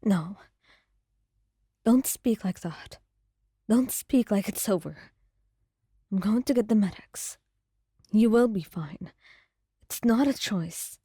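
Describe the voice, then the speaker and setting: A woman's voice: mid-range voice, slow pace, long pauses, warm tone, breathy edge, no room sound, clean studio sound. Arlecchino, a woman whispering as a stern woman breaking. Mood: desperate. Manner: trembling, pleading whisper. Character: stern powerful woman, shaken and grieving. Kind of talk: whispered role-play.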